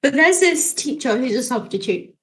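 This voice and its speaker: A teenage girl co-hosting a casual podcast tells a story from school in a high voice at a moderate pace. She's animated, acting out the dialogue and laughing her way through.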